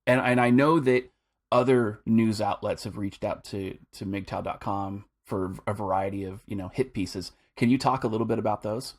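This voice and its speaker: A man hosting a casual live-stream interview, asking quick questions and adding short agreements. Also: fairly low pitch. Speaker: stream host.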